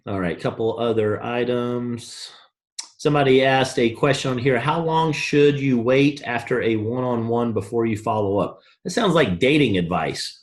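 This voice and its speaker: A man from the US East Coast leading a team call, blunt and emphatic, coaching in a casual, forceful way. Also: mid-range voice, expressive, normal speed. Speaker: network marketing team leader. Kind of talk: motivational call talk.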